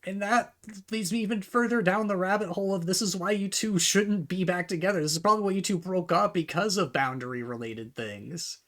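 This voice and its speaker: A man with a voice pitched a bit above most men's rants through a casual reaction commentary. He sounds exasperated and swears freely. He keeps repeating and restarting words as he talks to himself about what he reads. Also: a little fast, fairly bright tone. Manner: talks to himself while reading posts aloud. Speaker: reaction video host.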